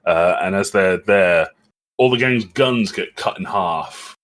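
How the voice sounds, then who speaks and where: Low-ish voiced guy on a podcast, mostly says yeah and mm, adds bits of plot. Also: slow, a bit bright. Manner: brief agreeing interjections, supplies details. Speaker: podcast co-host. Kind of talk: casual film discussion.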